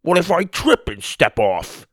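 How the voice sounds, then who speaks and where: Man doing a croaky, jittery young sidekick. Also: medium pitch, wildly swooping pitch, a little slow, no room sound, studio quality, full character voice. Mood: anxious. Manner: croaky, nervous, matey.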